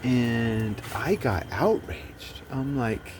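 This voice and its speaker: A man's voice: on the low side, a little slow, darkish tone, slight background noise. A man talking in a rambling casual monologue, swearing often and turning agitated and preachy.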